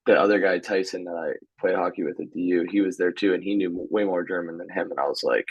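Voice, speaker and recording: Talking fast in a low, husky voice, a young hockey player in his twenties chats casually as a podcast guest. He's easygoing yet somewhat hesitant, leaning on fillers and chuckling. The lo-fi audio carries no room sound.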